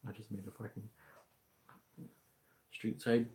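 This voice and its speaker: A man's voice: fairly low pitch, little pitch movement, measured pace, darkish tone. This is a man streaming gameplay commentary, rambling and cracking crude jokes in an easy, casual way. His voice bounces around a reverberant room. A faint background hiss sits underneath. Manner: joking, profane, rambling. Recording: echoey room, faint noise.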